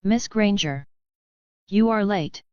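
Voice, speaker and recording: A woman's voice: mid-range voice, slow, a little mellow, clean tone, no room sound, close to an everyday voice. A woman voicing a strict older woman professor who speaks sternly and formally, in an audiobook reading. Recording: muffled lo-fi recording.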